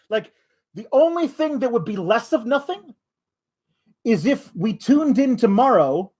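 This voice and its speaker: A male podcast host vents in an exasperated, profane rant. His voice sits high for a man, and the swearing never lets up. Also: darkish tone. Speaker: wrestling news podcast host.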